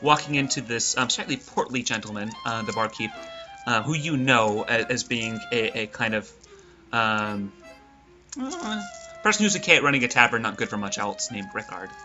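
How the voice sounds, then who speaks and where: A man's voice: mid-range voice, lively intonation, moderate pace, sharp tone, highs cut off, faint music behind. A man narrating as the game master of a tabletop game, in a casual, teasing way with many fillers.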